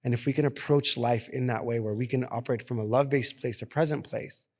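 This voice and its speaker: A man co-hosting a podcast, telling a personal story in an earnest, animated way. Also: mid-range voice, fast talker. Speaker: podcast co-host. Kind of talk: casual podcast conversation.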